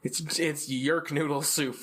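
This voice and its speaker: A man co-hosting a casual podcast, recapping a TV episode in a profane, animated way and acting out the characters' quotes. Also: a little high, slow pace, breathy edge. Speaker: podcast co-host.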